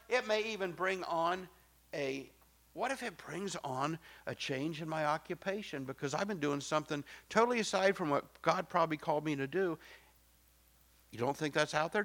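Middle-aged guy pastor preaching, kinda high bright voice, goes quiet then punches loud. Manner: emphatic preaching, swinging from soft to loud. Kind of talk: sermon.

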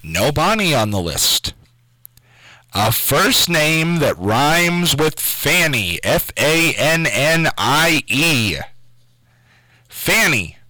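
A man's voice: a little high, very animated, very slow, pushed and bright, no echo, rough recording. A man hosting a call-in radio quiz show from a station studio, taking callers and spelling out names letter by letter.

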